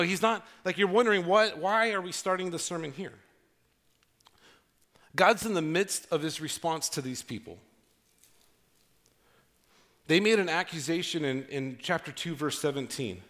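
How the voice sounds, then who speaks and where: A man preaching a sermon as pastor, earnest and conversational, with dramatic pauses. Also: on the high side, fairly bright tone.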